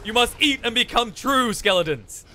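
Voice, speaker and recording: A man with a British accent doing excitable play-by-play commentary on an esports match. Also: normal speed, slight background noise. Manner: excitable, climbs high during fights. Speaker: esports caster.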